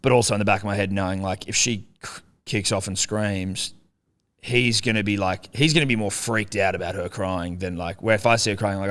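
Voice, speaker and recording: A man's voice: on the low side, a little fast. A young man on a casual podcast chat, swearing freely and acting out quotes as he tells a story. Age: young adult. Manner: swears a lot, animated storytelling with voiced quotes. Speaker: podcast co-host.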